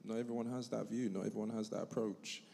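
A man's voice: on the low side, flat delivery, quick pace, creaky, warm tone. A man from the UK, a panelist speaking in an easygoing, philosophical way. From United Kingdom. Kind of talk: panel discussion. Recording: long hall reverb.

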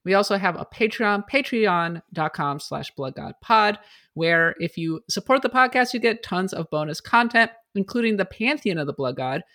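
A woman hosting a casual podcast, introducing her co-hosts and running through show notes and shout-outs in an upbeat way. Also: medium pitch, lively intonation, normal speed. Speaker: podcast host.

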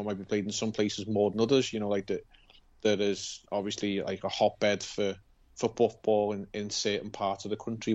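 Guy on a footy pod, low flat voice, muffled lo-fi sound, wanders on with lots of you knows. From Liverpool. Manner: meandering, explains at length with many "you know"s. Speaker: podcast co-host. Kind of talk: casual football podcast chat.

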